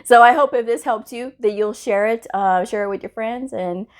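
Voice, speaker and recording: A woman vlogger telling a workplace story and giving career advice in a chatty, animated way. She keeps checking in with her viewers as she talks. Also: moderate pace. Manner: chatty storyteller, often checks in with "okay?" and "you know what I mean?"; animated, jumps high in pitch when retelling. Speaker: medical coding vlogger. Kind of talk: casual advice vlog.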